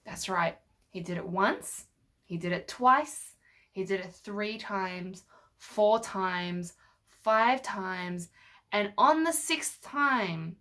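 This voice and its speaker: In a mid-range voice that is pushed and bright, with lively intonation, a woman takes her time telling children a Bible story with toy figures. Patiently, she stops to ask them questions as she goes.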